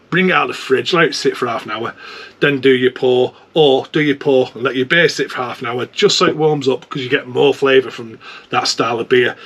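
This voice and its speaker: Husky British man, chatty homebrew vlogger. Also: medium pitch, a bit bright. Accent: British English. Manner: chatty, informal and rambling. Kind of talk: casual chat.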